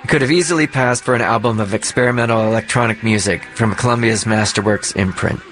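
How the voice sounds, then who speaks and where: A man narrating a documentary in a measured, explanatory way. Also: lowish voice, a bit bright.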